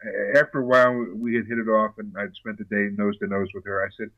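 An older man, an actor guest, chatting in an interview with many restarts and a steady "you know". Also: fairly low pitch, fast talker, no room sound, narrow, tinny audio. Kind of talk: casual interview chat.

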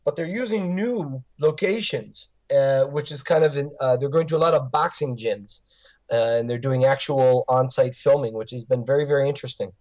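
A man who gives film tours, chatting in an interview as an animated storyteller with many fillers and restarts. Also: mid-range voice, normal speed. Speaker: Rocky film tour guide. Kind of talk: casual interview chat.

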